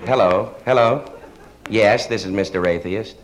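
A man's voice: fairly low pitch, unhurried. A man performing a one-sided telephone comedy monologue, polite and flustered, stammering and restarting as he talks to people who are never heard. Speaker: stand-up comedian.

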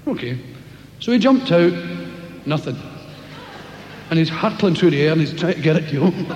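A Scottish man telling jokes on stage as a stand-up comedian, chatty and animated. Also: fairly high pitch, normal speed, muffled recording, a little hiss or hum. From Scotland. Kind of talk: live stand-up storytelling. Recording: echoey hall, live venue.

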